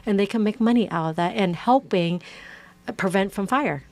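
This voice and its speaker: A city councilwoman talking as a podcast guest in a casual interview, animated and quick, with many fillers. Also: medium pitch, no echo.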